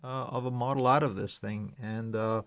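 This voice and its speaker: Hobby model builder, male, mid-pitched voice, easygoing step-by-step walkthrough with lots of filler words. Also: fairly even intonation, highs cut off. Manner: unhurried, explains step by step, frequent "uh" fillers.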